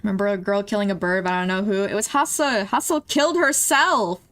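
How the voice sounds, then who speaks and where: A woman's voice: medium pitch, fairly quick, a bit bright. A young woman streaming, chatting casually and emotionally as she reacts to music videos, laughing and gasping along the way.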